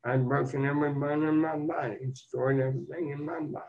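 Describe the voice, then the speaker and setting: Older male guest, gravelly voice, folksy earnest storytelling, muffled lo-fi sound. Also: a little high, fairly even intonation, fast, a little mellow. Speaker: guest, motivational speaker. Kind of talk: storytelling interview talk. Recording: dull lo-fi sound.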